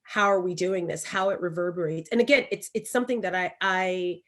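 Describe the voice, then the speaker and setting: A woman from Alabama with a Southern accent, co-hosting a podcast and telling stories in an emphatic, animated way. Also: fairly low pitch, brisk. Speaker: podcast co-host. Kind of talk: casual conversation.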